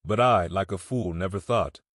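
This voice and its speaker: A man's voice: deep voice, moderate pace, fairly bright tone, no echo, studio quality. A man voicing a mischievous, scared young boy with a rustic drawl in a storybook reading. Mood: earnest. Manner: rustic drawling boyish talk.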